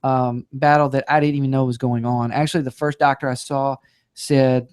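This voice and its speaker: A man's voice: medium pitch, flat delivery, normal speed, darkish tone, smooth, no echo, studio quality. A man guest on a talk show, telling a personal story with humor and playful acted-out quotes.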